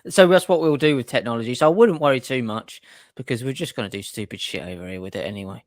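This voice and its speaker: A man's voice: mid-range voice, quick pace, no echo. Crude-joking man, dry sound. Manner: crude, self-mocking humor. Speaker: co-host. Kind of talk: casual banter.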